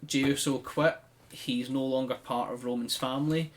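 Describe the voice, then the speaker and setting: Man, mid-pitched voice, casual podcast chat, rambling storyteller. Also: steady tone, moderate pace. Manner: chatty storyteller with frequent "um" and "like". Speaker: podcast co-host. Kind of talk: casual chat, recapping a wrestling show.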